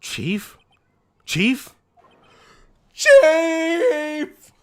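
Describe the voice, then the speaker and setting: Man as a jumpy young male lawyer, lively anxious voice, dry sound. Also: fairly high pitch, unhurried, no room sound. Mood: alarmed. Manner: nervous, alarmed.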